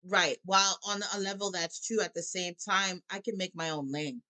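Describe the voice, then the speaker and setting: With a low-ish voice, moderate pace, and sharp tone, a female guest who is a musician and life coach speaks frankly about her hard years. Tearful at times, she stays emotional, laughs through her tears, and dramatizes her own thoughts during this candid personal conversation.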